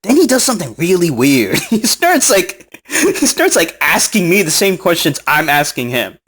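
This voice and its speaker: A man's voice: sits high, wildly swooping pitch, moderate pace, fairly bright tone, husky. A man recounting an online argument in casual commentary, mocking, sarcastic and profane, often breaking into laughs, recorded on a smartphone.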